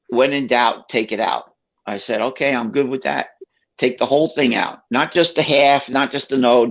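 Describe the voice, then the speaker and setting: Speaking in a mid-range voice with vocal fry, a man tells a story about himself in a casual, lively manner. He acts out the quoted lines in different voices, and the sound quality is dull and lo-fi.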